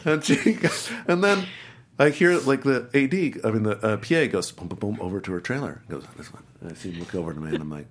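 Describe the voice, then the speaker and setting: With a fairly low pitch and a fairly quick pace, a middle-aged male guest actor shares a casual story. He brings it to life by imitating the voices and accents of each person in it.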